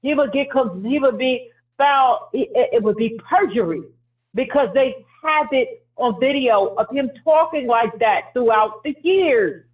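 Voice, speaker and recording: A man's voice: very high-pitched, unhurried. A man hosting a call-in show, insistently repeating his point and talking over a caller in a heated debate. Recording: phone-line audio.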